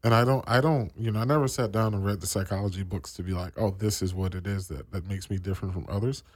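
Slangy low-voiced man hosting radio. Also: fast talker, no echo, clean studio sound. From East Coast US. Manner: relaxed, slangy, with many fillers. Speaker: radio show host. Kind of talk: casual radio chat.

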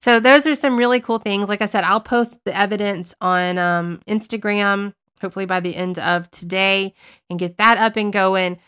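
A woman co-hosting a casual podcast about paranormal investigation, telling her stories in a chatty, animated way and poking fun at herself. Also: mid-range voice, normal speed, clear, resonant tone. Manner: chatty, animated storytelling, self-mocking. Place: based in Northeast Florida.

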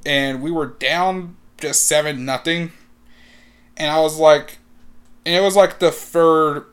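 A teenage man tells a story casually, rambling with constant "like" and restarts. He breaks into excited bursts now and then. His voice sits a bit high and sounds smooth and clear. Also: takes it slowly. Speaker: high school student.

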